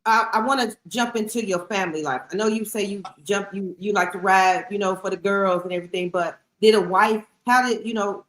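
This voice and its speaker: A woman's voice: mid-range voice, fairly quick, few pauses, a bit bright, echoey room, low-quality recording. A woman co-hosting a motorcycle podcast, asking long, rambling questions. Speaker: co-host. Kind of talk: interview questions.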